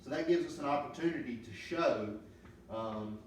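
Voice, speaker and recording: Man teaching slowly, distant and roomy. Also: mid-range voice. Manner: slow, patient explaining with many ums. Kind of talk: classroom grammar lesson. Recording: roomy, distant mic with faint noise.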